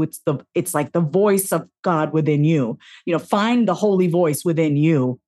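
Woman, therapist guest, slightly low voice, motivational, expressive, casual swearing. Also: moderate pace, hardly any pauses. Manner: expressive, swings into high playful self-talk, swears casually. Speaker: podcast guest, therapist and speaker. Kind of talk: heartfelt motivational talk.

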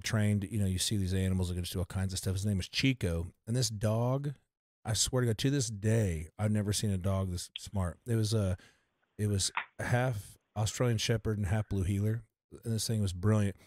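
A man's voice: fairly low pitch, moderate pace, darkish tone, dry recording, clean studio sound. A man in a casual chat, telling a story eagerly and scattering fillers through it.

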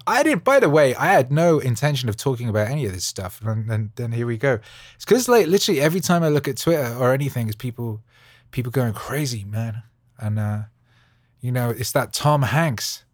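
A man hosting a podcast, rambling casually in an animated, jokey way full of slang. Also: mid-range voice, no echo, clean studio sound. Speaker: podcast host. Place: Los Angeles studio.

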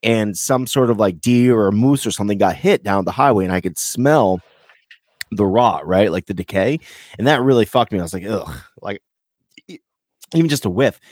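A rambling American man with a fairly low voice, talking loosely in a casual podcast chat and peppering every thought with "like" and curses. The sound is close and dry, with no room around it. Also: expressive, moderate pace, darkish tone, no room sound. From United States. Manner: rambling, heavy on "like" and swearing.

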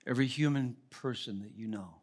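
A man preaching a sermon as pastor, emphatic, asking rhetorical questions and swinging between loud appeals and quiet asides. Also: medium pitch, a little fast.

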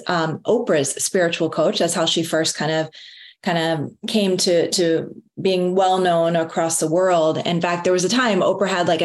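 Woman, middle-aged, motivational speaker, earnest, animated storytelling, lowish voice. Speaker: wellness speaker. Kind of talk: motivational talk.

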